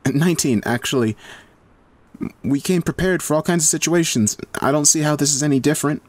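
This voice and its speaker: Steady, practical woman, firm and matter-of-fact, voiced by a man. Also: fairly high pitch, a little fast, no echo, voice pushed up, natural voice. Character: Celeste, calm capable adult woman.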